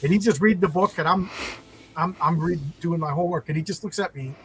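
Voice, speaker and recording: A man's voice: fairly high pitch, fast, rough recording. A middle-aged man from New York telling stories casually, rambling with lots of restarts. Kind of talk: casual storytelling in conversation.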